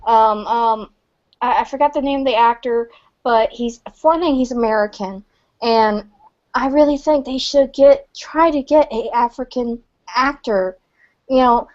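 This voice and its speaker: High-voiced chatty woman host. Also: measured pace, a little mellow. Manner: chatty, hesitant, laughs often. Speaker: podcast host. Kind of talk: casual chat. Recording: dull lo-fi sound.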